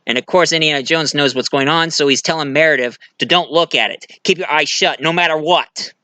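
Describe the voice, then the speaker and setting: A man's voice: fairly high pitch, fairly quick, sharp tone, no room sound. A man giving a casual movie review, retelling the plot in a rambling way with fillers and restarts.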